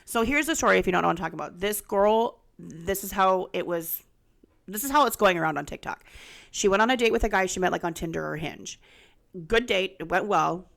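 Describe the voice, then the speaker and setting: A woman's voice: mid-range voice, lively intonation, fairly quick, gravelly, fairly bright tone. A woman in her forties co-hosting a podcast, chatting frankly, swearing freely and telling stories. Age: 40s. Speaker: podcast co-host. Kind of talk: casual chat.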